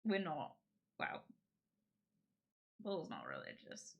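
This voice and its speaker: Giggly woman streamer, bright voice. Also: low voice, huge pitch swings, takes it slowly. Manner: rambling, giggly, self-interrupting. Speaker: streamer host. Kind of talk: casual chat on a livestream.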